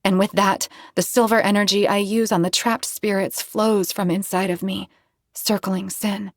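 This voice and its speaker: A woman's voice: medium pitch, little pitch movement, normal speed, dry recording, clean studio sound. A woman reading a novel aloud in first person, with tense, dramatic storytelling. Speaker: audiobook narrator.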